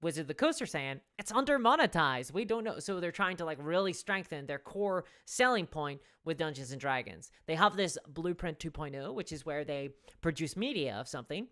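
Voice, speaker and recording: Low-voiced woman hosting a live stream. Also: expressive, fairly quick, hardly any pauses, fairly bright tone. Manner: rambling, with frequent restarts and fillers; reads out and thanks viewer donations. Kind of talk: casual live-stream commentary.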